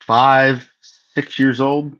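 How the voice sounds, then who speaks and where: A man's voice: mid-range voice, level tone, drawn-out words, a bit bright. A young man co-hosting a casual livestream, talking loosely with casual swearing. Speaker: co-host of a livestream. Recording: slightly dull lo-fi sound.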